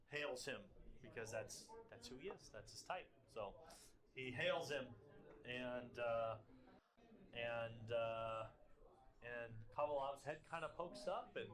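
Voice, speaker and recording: A man narrating as dungeon master, rambling with many fillers. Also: mid-range voice. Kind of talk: narrating a tabletop game.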